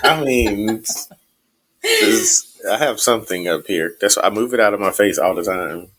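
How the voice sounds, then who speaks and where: A man with a very low, husky voice, co-hosting a laid-back podcast. His tone has a bright, forceful edge despite the depth, and he talks with easygoing, wry humor. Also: wildly swooping pitch, normal speed. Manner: easygoing, wry, chuckles often. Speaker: podcast co-host. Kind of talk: casual chat.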